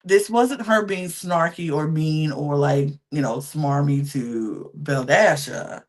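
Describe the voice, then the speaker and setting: Speaking slowly in a deep voice, a female podcast host recaps a reality show in a chatty, emphatic style. She plays out what the contestants said in little voices, stays animated, and repeats words for emphasis.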